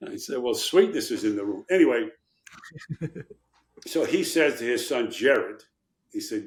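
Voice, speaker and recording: Older man telling lively stories. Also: medium pitch, a little slow, roomy sound, slight background noise. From Chicago, USA. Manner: animated anecdotes, acting out quotes. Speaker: guest, former congressman. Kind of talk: storytelling in a podcast interview.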